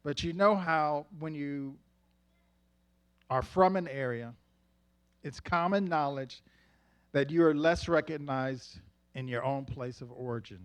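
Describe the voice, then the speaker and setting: A man giving a spoken church testimony, measured and heartfelt, speaking slowly and deliberately. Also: on the high side, clear, resonant tone. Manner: slow, heartfelt, measured delivery.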